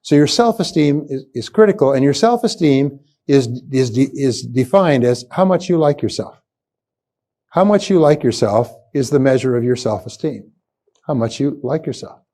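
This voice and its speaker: A man's voice: mid-range voice, warm tone. A man giving a live seminar lecture as a motivational speaker, emphatic and repetitive as he drills key phrases home. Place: seminar room with a live audience.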